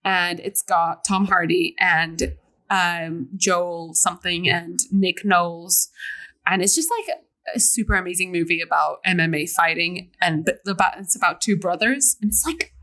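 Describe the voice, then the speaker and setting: Young woman, bright tone, animated casual podcast chat. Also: on the low side, measured pace. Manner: animated, laughs often, swears. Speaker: podcast co-host.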